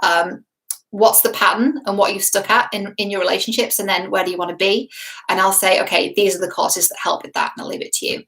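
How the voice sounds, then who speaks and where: Woman coach, casual to-camera vlog, affectionate and playful, middle pitch. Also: steady tone, brisk, poor audio. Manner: warm, chatty, affectionate, playful. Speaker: dating and love coach.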